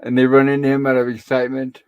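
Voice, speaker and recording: A middle-aged man hosts a casual online show, walking listeners through an old sitcom episode scene by scene. His voice sits at an ordinary pitch for a man. He rambles, pausing and filling gaps as he goes. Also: completely flat delivery, clear, resonant tone. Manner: rambling retelling with pauses and fillers. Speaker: host. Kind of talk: casual episode recap on a live stream.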